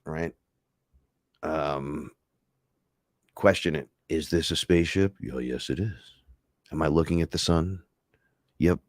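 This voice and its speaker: A man's voice: rumbling low, takes it slowly, long pauses, no room sound, clean studio sound. A man hosting a casual livestream, talking in a heated, rambling, profane way. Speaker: podcast host.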